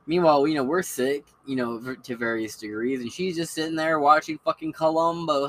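A man's voice: on the high side, a little fast, sharp tone, no echo, poor audio. A man hosting a podcast, rambling in a casual, profane, opinionated monologue. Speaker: podcast host.

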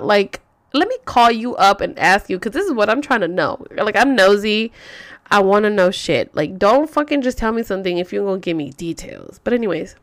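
A young woman tells a heated personal story straight to her viewers, swearing freely and jumping into the voices of everyone involved. Her pitch sits in the middle for a woman. The sound is dry and close, with no room around it. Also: moderate pace, no echo. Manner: profane, animated, acts out quotes. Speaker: vlogger telling a story. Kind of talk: casual storytime to camera.

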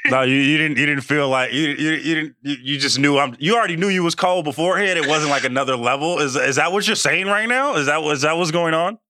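A man's voice: fairly high pitch, quick pace, hardly any pauses, pushed and bright, no room sound, clean studio sound. A man hosting a podcast interview in casual chat, joking and teasing his guest playfully. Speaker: podcast host.

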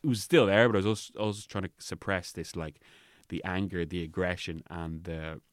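A deep-voiced Irish man talks quickly through a rambling story, leaning on "like" and dropping swear words as he goes. He recounts it with plenty of animation, his voice close and dry with no room sound around it. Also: no room sound. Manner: rambling, frequent swearing and filler "like"; animated retelling with voiced quotes. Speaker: guest. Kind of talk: casual storytelling chat.

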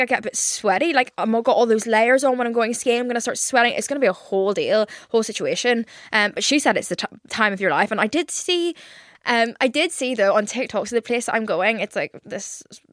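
A young woman hosting a podcast alone, rambling and self-mocking in casual chat, swearing freely and talking quickly in a studio. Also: medium pitch, fairly bright tone, no echo. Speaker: podcast host. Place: recording studio.

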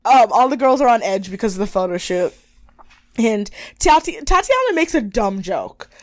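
Young female co-host, bright higher voice, lively recap, mimics people in squeaky voices, dry room. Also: moderate pace, no echo. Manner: animated, acts out quotes in high voices, swears freely. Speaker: podcast co-host. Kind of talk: casual recap chat.

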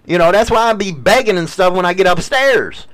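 A middle-aged man trades teasing jokes with his wife in loose, casual banter. His voice sits high and swings widely in pitch as he plays up mock-chauvinist bits. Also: lively intonation, fairly quick, fairly bright tone. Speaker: podcast co-host.

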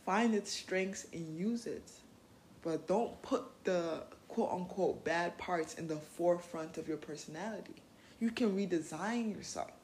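A woman's voice: lowish voice, measured pace, darkish tone, slight background noise. A woman hosting a podcast, giving casual self-help talk in a blunt, profane and playful way. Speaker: podcast host.

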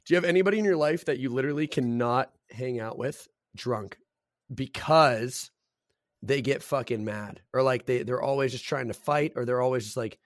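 A man's voice: mid-range voice, normal speed, no echo, clean studio sound. A young man hosting a casual podcast chat, telling rambling stories full of swearing and "bro". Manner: swears a lot, says "bro" and "dude"; rambling animated storyteller.

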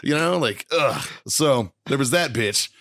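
A man's voice: mid-range voice, animated, unhurried, a bit bright, no echo. Profane rambling male podcast host, dry studio. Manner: rambling, profane, laughs through stories. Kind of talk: casual profane storytelling.

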